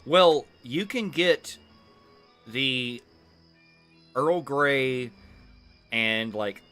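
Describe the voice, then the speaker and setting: A man's voice: medium pitch, extremely slow, pushed and bright, soft background music. A man streaming a video game, chatting casually with fillers and laughs as he plays. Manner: rambling, laughing, full of fillers. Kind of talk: casual gameplay commentary.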